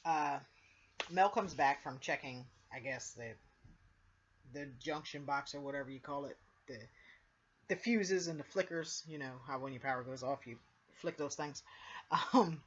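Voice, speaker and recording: A woman's voice: low-pitched, unhurried, breathy edge. A woman casually recapping a TV episode, rambling with lots of fillers and acting out what characters said. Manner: rambling, filler-heavy retelling, acting out quotes. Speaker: TV show reviewer. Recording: dull lo-fi recording.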